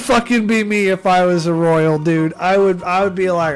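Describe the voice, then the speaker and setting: A man's voice: high voice, steady tone, unhurried, soft background music. An American man streaming live, chatting casually in a rambling way, swearing constantly and laughing at his own jokes. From United States. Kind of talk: casual chat on a livestream.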